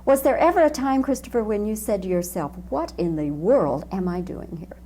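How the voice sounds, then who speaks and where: A woman's voice: medium pitch, animated, moderate pace, warm tone, a little hiss or hum. A woman hosting an interview, asking effusive, admiring questions. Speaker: interviewer, host.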